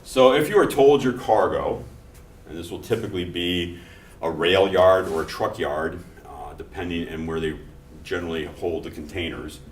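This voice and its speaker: A middle-aged man teaching a class in a relaxed, conversational way, mixing personal stories into his explanations. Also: deep voice, moderate pace. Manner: conversational, telling anecdotes between explanations. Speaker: instructor. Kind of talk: classroom lecture. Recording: echoey classroom from far off, faint noise.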